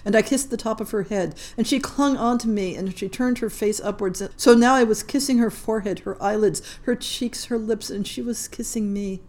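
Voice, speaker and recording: A woman's voice: fairly high pitch, moderate pace, few pauses, a little mellow. Woman reading a story. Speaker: podcast story reader. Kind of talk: scripted narration.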